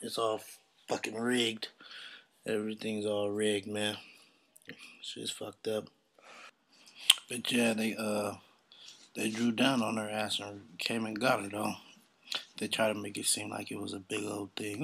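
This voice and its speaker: A man's voice: fairly low pitch, fairly even intonation, a little slow, creaky, pauses often, fairly bright tone. A man hosting his own podcast, ranting in a blunt, profane, heated way and mocking others in exaggerated voices. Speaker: podcast host. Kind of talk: casual solo podcast rant.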